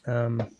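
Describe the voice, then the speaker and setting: Streaming casually from his home, a Canadian host with a gravelly, middle-pitched voice and stuffy sinuses welcomes chatters by name, humming as he scrolls and rambling along. The audio is dull, dry, and close, with no room sound.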